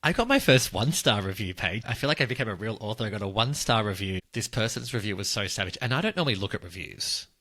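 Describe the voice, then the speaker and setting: A man co-hosting a podcast, chatting casually and telling gossipy stories in an animated way. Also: fairly low pitch, fast talker, hardly any pauses, no echo. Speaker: podcast co-host, author. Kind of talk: casual chat.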